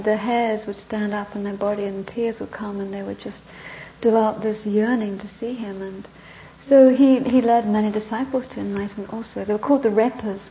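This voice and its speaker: Woman teacher telling a buddhist story, chatty, lots of restarts, mellow kinda high voice, muffled lo-fi recording. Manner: conversational, restarts, trails off softly. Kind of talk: dharma talk, storytelling. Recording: dull lo-fi recording.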